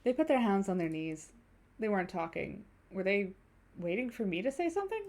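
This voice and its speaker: Woman streamer, casual commentary, joking asides, mid-pitched voice. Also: sing-song, a little fast, a little mellow. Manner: joking asides, reads game text aloud.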